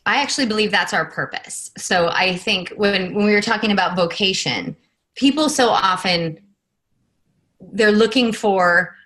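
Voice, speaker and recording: A woman's voice: mid-range voice, moderate pace, fairly bright tone. A woman from California hosting a podcast interview, talking in an enthusiastic, reflective way and laughing easily. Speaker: podcast host.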